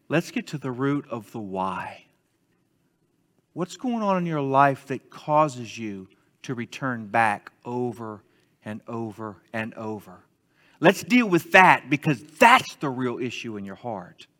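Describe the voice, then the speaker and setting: Guy preaching a sermon, slightly high voice, chatty storyteller, long reverb like a big church hall. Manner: conversational, animated storytelling with acted-out quotes. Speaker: pastor.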